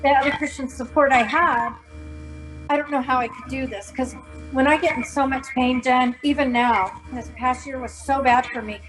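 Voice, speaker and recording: A woman in her fifties, a former corrections officer, telling personal stories in an animated, humorous way and acting out the voices of others. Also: high-pitched, moderate pace, faint music behind, low-quality recording. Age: 50s. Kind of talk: casual storytelling interview.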